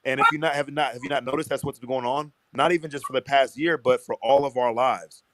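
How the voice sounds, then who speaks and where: A man's voice: medium pitch, fairly even intonation, quick pace, very noisy. A man talking casually and profanely on a livestream, rambling through big ideas in a streetwise way.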